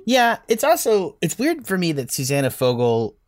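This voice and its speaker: A man's voice: high voice, huge pitch swings, moderate pace, no echo, studio quality. A man chatting casually as a podcast film reviewer, rambling and self-deprecating with many restarts.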